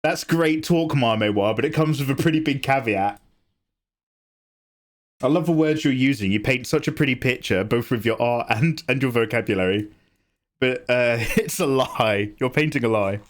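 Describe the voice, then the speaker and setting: A man's voice: mid-range voice, normal speed. A young man casually chatting on an art livestream, theatrical and grumbling, with swearing. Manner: animated, theatrical complaining with swearing.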